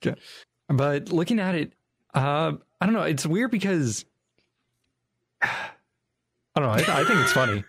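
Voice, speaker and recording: A man's voice: a little high, big pitch swings, normal speed, pauses often, a bit bright, slightly rough, no echo. A man in casual podcast chat, hesitant and chuckling, with dry sarcasm. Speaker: podcast guest.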